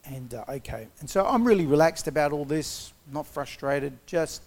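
A man's voice: on the high side, expressive, moderate pace, darkish tone. A man giving a personal testimony, retelling events conversationally and acting out the quotes.

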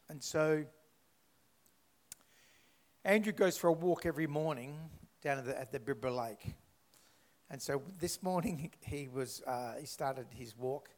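A man's voice: medium pitch, measured pace. A man leading a church prayer and telling a faith story, chatty and rambling with fillers and restarts. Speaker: church speaker.

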